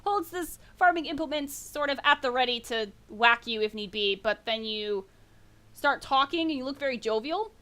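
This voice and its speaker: A woman's voice: high-pitched, lively intonation, moderate pace, sharp tone. A woman narrating a tabletop game as game master, rambling and correcting herself as she goes. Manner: rambling, self-correcting, laughs often.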